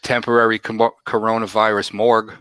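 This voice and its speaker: A man's voice: lowish voice, level tone, fairly quick, fairly bright tone, clean tone, no echo. Man, middle-aged, podcast guest, blunt wisecracking talk, dry sound. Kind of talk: casual chat.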